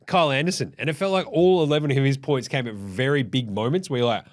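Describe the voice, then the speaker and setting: A man's voice: medium pitch, fast. A man hosting a casual, sweary sports recap. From Australia. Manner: sweary, blunt, animated. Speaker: host.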